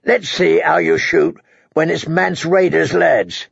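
A man's voice: on the high side, slow pace, vocal fry, husky, no room sound, muffled recording, heavily acted. A man reading an audiobook, voicing a spiteful, sneering dog handler. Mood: sneering, bitter. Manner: sneering, scornful.

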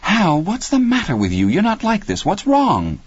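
A man's voice: fairly low pitch, sing-song, a little fast, husky, no room sound, muffled recording, pitched above the performer's own voice. Man voicing an anxious, pleading wife. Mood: alarmed. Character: worried wife, woman, adult.

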